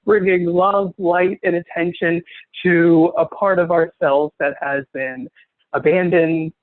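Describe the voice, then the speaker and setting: A man, a spiritual teacher, presenting a live online training in an earnest, gently flowing way over a video call. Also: sits high, steady tone, unhurried, dry recording. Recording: tinny phone-like audio, dry.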